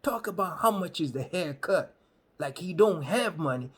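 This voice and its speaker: A man's voice: a little high, animated, moderate pace, slightly rough. A man doing a grumpy old ranting barber. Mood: suspicious. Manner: loud, accusing, rambling rant in casual slang. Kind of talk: stand-up storytelling.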